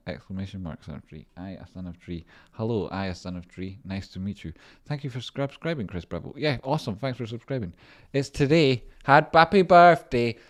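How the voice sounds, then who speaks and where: A man with a notably deep, low voice hosts a trading livestream. He rambles loosely, jokes around and swears casually while working through viewer messages. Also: brisk, hardly any pauses, a little mellow. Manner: rambling, joking and swearing while reading chat. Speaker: stock trading streamer.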